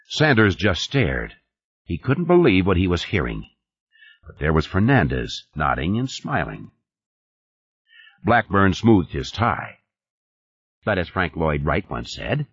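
A man narrating an audiobook in a measured, expressive way. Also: sits low, husky, no room sound. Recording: dull lo-fi audio.

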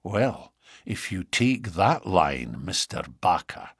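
A man voicing a stern police inspector who speaks quietly and slowly. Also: low-pitched, big pitch swings, breathy edge, dry recording, clean studio sound, pitched below the performer's own voice, heavily acted. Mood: quiet firm. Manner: quiet, measured, unhurried.

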